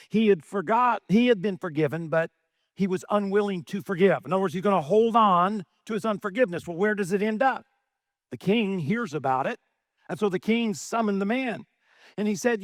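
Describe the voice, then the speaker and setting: A man's voice: high-pitched, animated, moderate pace, no echo, clean studio sound. A middle-aged male pastor preaching a sermon, asking rhetorical questions and often adding "right?".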